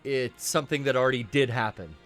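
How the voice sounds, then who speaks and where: A man's voice: mid-range voice, brisk, fairly bright tone, soft background music. A man co-hosting a casual chat show, jokey and swearing, with sudden outbursts. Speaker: co-host.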